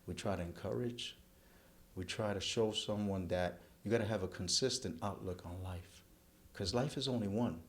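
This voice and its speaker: A man's voice: fairly low pitch, moderate pace. A middle-aged man, a charity event chairman speaking earnestly in an interview and running through long lists.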